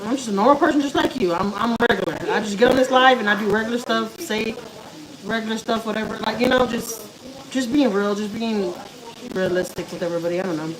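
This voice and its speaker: A woman's voice: a little high, fast talker, crowd noise, rough recording. A woman chats casually with viewers on a live stream while she cooks at home, talking to her pet and answering comments. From Houston, Texas. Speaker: vlogger doing a live stream. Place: home kitchen.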